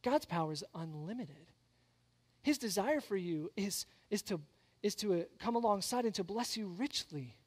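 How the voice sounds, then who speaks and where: A man in his thirties preaching a sermon, animated and storytelling, swinging from soft reflection to loud excitement. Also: sits high, moderate pace. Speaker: pastor. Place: church sanctuary. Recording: long church hall reverb.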